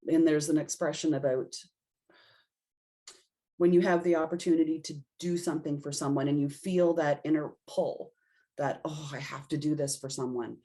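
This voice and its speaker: A woman's voice: sits low, steady tone, normal speed, mellow. A woman guest on a podcast, telling a personal story in casual conversation and acting out her own reactions as she goes. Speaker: podcast guest, intuitive reader.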